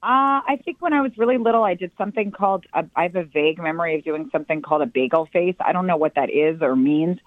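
A woman's voice: lowish voice, no echo. A woman comedian telling self-deprecating stories as an interview guest. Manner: self-deprecating, playful, with quick asides. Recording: tinny phone line.

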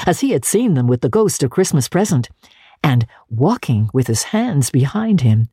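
Woman reading a storybook aloud, low and mellow, slow and dry sounding. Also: breathy edge, no room sound. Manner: animated, lilting storytelling. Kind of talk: expressive audiobook reading.

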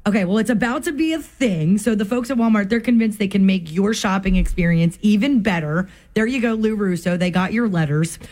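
A woman's voice: mid-range voice, brisk, hardly any pauses, darkish tone. A woman co-hosting a morning radio show, chatty and laughing often. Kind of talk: casual morning radio banter. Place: radio studio.

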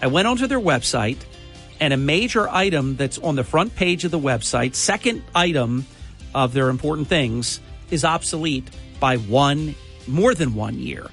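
A man's voice: fairly high pitch, animated, moderate pace, gravelly, fairly bright tone, faint music behind. Chatty New radio host man. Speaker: radio talk show host. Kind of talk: morning talk radio.

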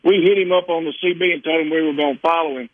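A man's voice: on the high side, steady tone, fast talker, dry recording. A man from Mississippi on a radio call-in, talking emotionally and with rambling restarts. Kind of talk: casual radio chat. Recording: phone-line call, dry.

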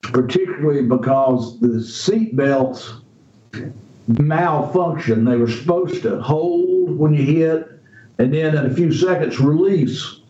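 An older man, a radio guest telling a story in a slow, folksy, drawn-out way. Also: on the high side, dark tone. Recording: roomy, distant, dull radio recording.

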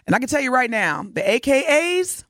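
A woman's voice: high voice, very animated, fairly quick, dry recording. A woman co-hosting a morning radio show, talking in a casual, teasing and emphatic way from a studio mic. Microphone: studio microphone.

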